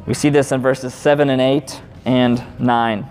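A man in his thirties preaching a sermon as pastor, in a conversational, animated way with casual asides. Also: medium pitch, unhurried. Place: church sanctuary. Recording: long hall reverb, faint background noise.

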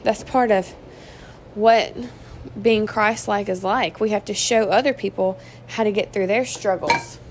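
A woman's voice: mid-range voice, a little slow. A young woman, a Christian mother giving casual, chatty encouragement and stories to her viewers. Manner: chatty, folksy, addresses listeners as y'all. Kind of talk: casual faith-based encouragement and storytelling. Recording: steady background noise.

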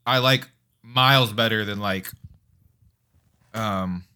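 A man's voice: lowish voice, slow pace, sharp tone, clear, resonant tone. A young man co-hosting a podcast, talking loosely and rambling with lots of restarts. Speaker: podcast co-host. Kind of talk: casual chat.

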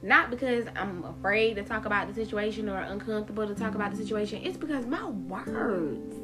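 A woman's voice: medium pitch, a little fast. A woman hosting a solo podcast, talking candidly and with plenty of profanity, her words running together. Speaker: podcast host. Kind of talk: casual solo podcast monologue. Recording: guitar music playing behind.

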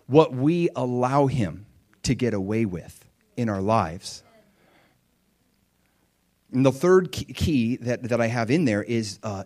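A middle-aged male pastor delivers a sermon with a very lively, swinging pitch. He is animated and laughs often. His pitch sits at an average level for a man. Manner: animated, laughs often, talks straight to the congregation.

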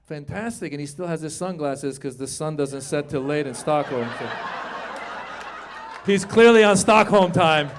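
A man's voice: on the high side, moderate pace, a little hiss or hum. A man in his fifties doing a stand-up comedy set on a comedy club stage, talking to the crowd and acting out characters. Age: 50s. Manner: animated, crowd work, acts out characters.

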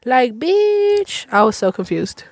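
A woman's voice: high voice, big pitch swings, slow, dry recording. A young woman from Texas hosting a casual podcast with a friend, laughing a lot, swearing casually and reading listener stories aloud. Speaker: podcast host.

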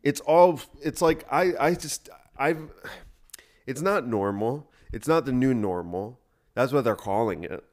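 A man's voice: medium pitch, animated, unhurried. Rambling, sarcastic male podcast host. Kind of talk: casual solo podcast monologue.

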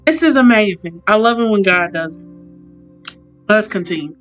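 A woman hosting a casual devotional podcast, praying and reading aloud in a heartfelt, expressive way and talking straight to her listeners. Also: mid-range voice, moderate pace, pauses often, faint music behind. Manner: heartfelt, expressive, prone to tearing up; folksy, talks straight to listeners. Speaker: podcast host.

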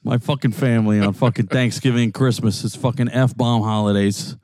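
A man from New York with a New York accent, co-hosting a casual, profane chat and ranting loudly with constant swearing. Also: mid-range voice, steady tone, moderate pace, no echo, studio quality. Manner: brash, swears constantly, loud rants. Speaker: podcast co-host. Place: in a car.

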